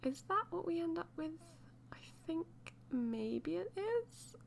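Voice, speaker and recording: A woman's voice: extremely high pitch, big pitch swings, slow, gravelly, a little hiss or hum. A woman chatting loosely as she voices over a game build, rambling with many fillers and light laughs. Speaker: let's play host.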